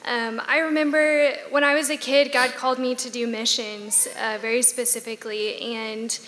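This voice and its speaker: A woman's voice: on the high side, flat delivery, normal speed, fairly bright tone, long reverb tail, slight background noise. A young woman sincerely sharing a thankful testimony before a church. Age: young adult. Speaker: church member giving testimony. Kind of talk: personal testimony.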